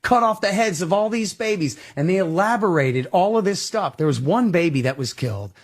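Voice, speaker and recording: Husky man firing rhetorical questions. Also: high-pitched, animated, brisk. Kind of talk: argumentative interview talk.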